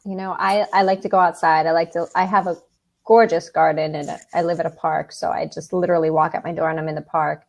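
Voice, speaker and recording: An American woman co-hosting a casual spiritual chat, chatty and quick to laugh. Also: low voice, creaky. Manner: chatty, laughs often, animated. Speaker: co-host.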